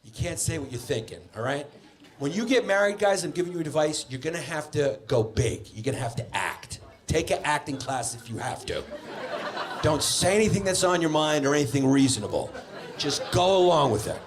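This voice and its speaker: A man's voice: fairly high pitch, lively intonation, brisk, a faint crowd. A man doing a stand-up comedy set, giving mock advice and acting out over-the-top pleading. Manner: acts out exaggerated pleading. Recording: live club with audience laughter.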